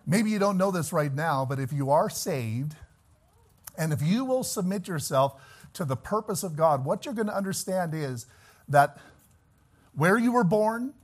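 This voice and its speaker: A male preacher delivering a sermon, moving from slow, quiet reflection to loud, fervent exhortation that rises to shouts. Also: a little high, lively intonation.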